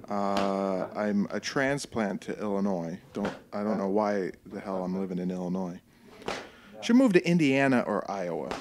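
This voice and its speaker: A man's voice: low voice, expressive, moderate pace, darkish tone, slight background noise. A man from California giving casual, rambling commentary while watching fight footage, often laughing at his own jokes.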